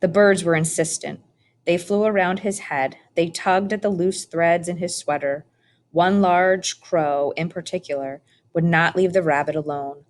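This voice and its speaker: Slow, low-voiced woman reading a storybook. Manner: calm, measured reading. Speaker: audiobook reader. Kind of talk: storybook narration.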